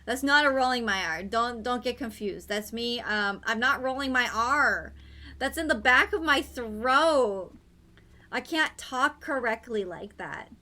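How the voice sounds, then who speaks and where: A woman's voice: on the high side, lively intonation, a little slow, bright, forceful tone. A young woman streaming a game, chatting casually in a playful, giggly way. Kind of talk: casual gaming stream chat.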